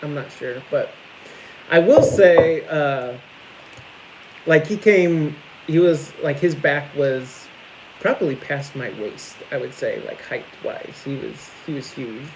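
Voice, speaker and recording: A young man with a Midwestern American accent chats loosely on a homestead livestream, fumbling through likes and restarts. His voice sits a little high for a man. A faint hiss runs under the recording. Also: slow. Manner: rambling, lots of likes and restarts. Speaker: co-host of a farm livestream. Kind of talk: casual chat.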